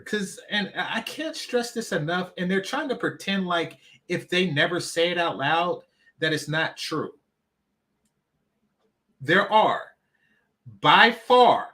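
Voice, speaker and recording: A man's voice: a little high, sharp tone. A man hosting a reaction commentary, emphatic and mocking, often repeating himself. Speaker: commentary channel host.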